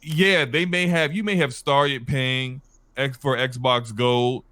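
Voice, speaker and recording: A man's voice: mid-range voice, steady tone, takes it slowly, bright, forceful tone, no room sound. A man hosting a gaming podcast, making his case point by point with many restarts. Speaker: podcast host. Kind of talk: casual podcast discussion.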